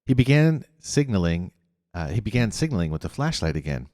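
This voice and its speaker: A man reads a novel aloud in a deep, lively voice, sometimes stopping to restart a phrase. The voice itself sounds dry and close, but a long reverb trails after it. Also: fairly quick. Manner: restarts and corrects himself mid-phrase. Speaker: reader.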